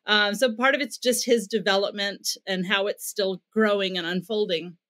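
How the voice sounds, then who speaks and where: A woman's voice: medium pitch, fairly even intonation, moderate pace, fairly bright tone. A middle-aged American woman, a parenting expert, explaining her ideas in an interview with concrete examples and emphatic repetition. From United States. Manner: teacherly, builds points with examples and emphatic repetition.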